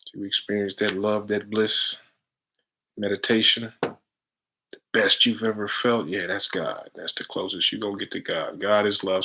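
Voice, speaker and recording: A man's voice: on the low side, flat delivery, moderate pace, pushed and bright, slightly rough. A man giving a casual, preachy spiritual talk to viewers, full of slang and frequent laughter. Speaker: spiritual chant leader.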